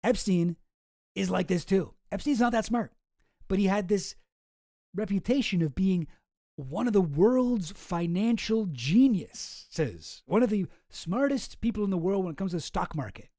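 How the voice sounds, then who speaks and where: Sweary rambling guy streaming, kinda high voice, mellow, dry close sound. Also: animated, a little slow, no echo. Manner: rambling, profane, sarcastic. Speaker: streamer host. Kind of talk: casual commentary stream.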